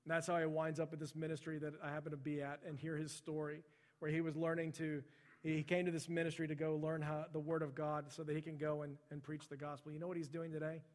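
A man preaching in a church sanctuary, his slightly high voice trailing off in a long, ringing reverb. He tells a story in a relaxed, conversational way and briefly takes on the voices of the people he describes. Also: fast talker. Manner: conversational, relives stories by voicing the people in them. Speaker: pastor. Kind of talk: sermon storytelling.

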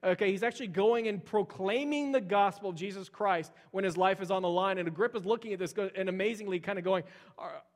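A man's voice: sits high, fast, few pauses. A man preaching a sermon in a conversational way, explaining scripture with frequent fillers like "uh" and "okay". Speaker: pastor.

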